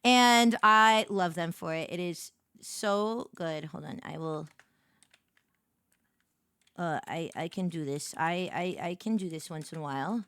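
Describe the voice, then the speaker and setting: A woman's voice: on the low side, a little slow, a bit bright, clean tone, dry recording, studio quality. A woman hosting a casual reaction stream, giggly and playful as she chats. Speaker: streamer host.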